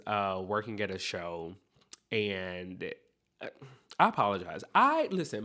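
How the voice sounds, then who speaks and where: A man hosting a self-help podcast, talking straight to the listener in an animated, encouraging way. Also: on the low side. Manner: animated, speaks straight to the listener with repeated okays. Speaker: podcast host.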